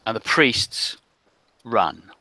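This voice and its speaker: A man narrating a tabletop adventure as game master, unhurried and full of ums and uhs. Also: fairly low pitch, lively intonation, pushed and bright, no echo.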